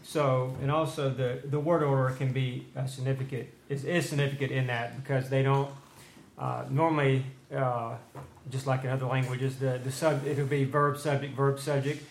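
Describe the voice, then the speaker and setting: A man in a Bible study group explaining a text in a halting way, with many fillers and restarts. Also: medium pitch, level tone. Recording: roomy with faint noise.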